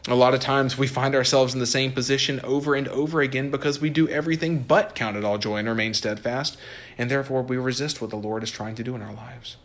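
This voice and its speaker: Earnest guy preaching, casual sermon talk, reading a story out loud. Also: mid-range voice, fairly even intonation, fast talker. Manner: earnest, conversational, reads passages aloud. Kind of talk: sermon with read-aloud story.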